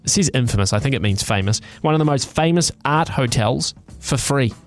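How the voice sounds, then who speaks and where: Chatty New radio host. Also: male voice, mid-range voice, expressive, a little fast, faint music behind. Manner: chatty, jokey, rambling with fillers. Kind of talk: casual radio banter reading light news.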